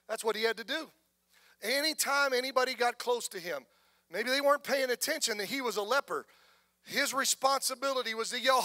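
A man with a Southern US accent preaching a sermon as pastor, impassioned, swinging from soft talk to shouting. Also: high-pitched, expressive, normal speed, no room sound, studio quality.

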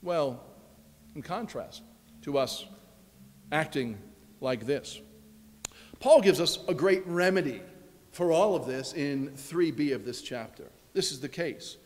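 A man preaching a sermon as pastor, emphatic and repetitive, with his voice dropping low at the ends of phrases. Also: long reverb tail. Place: church sanctuary.

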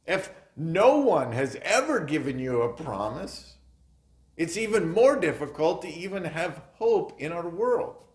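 A man preaching a sermon as pastor, speaking earnestly and with emphasis, often letting his phrases fade softly at the end. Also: fairly high pitch. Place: chapel. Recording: echoey chapel room.

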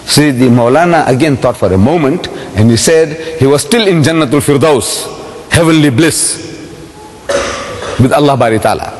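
A man's voice: on the high side, lively intonation, normal speed, slight background noise. A man giving a public religious lecture, telling a story dramatically and firing rhetorical questions at the audience. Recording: long hall reverb.

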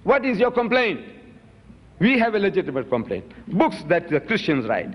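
A man's voice: high-pitched, very animated, normal speed. A man giving an emphatic public lecture, firing rhetorical questions at his audience. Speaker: Muslim lecturer. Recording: dull recording in a reverberant hall.

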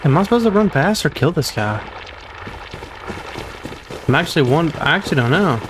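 A man's voice: fairly high pitch, big pitch swings, normal speed, background noise. A young man giving live gameplay commentary on his first playthrough, exclaiming and groaning at his own mistakes. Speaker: gamer streaming a first playthrough.

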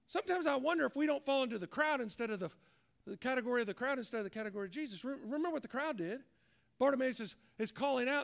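A man's voice: extremely high pitch, animated, rapid-fire, vocal fry. A man as a pastor preaching a sermon earnestly, acting out the voices he quotes.

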